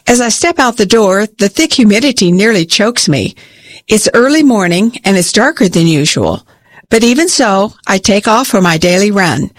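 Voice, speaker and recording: A woman reading a scripted devotional in a calm, steady way. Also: medium pitch, moderate pace, dry recording. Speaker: devotional reader.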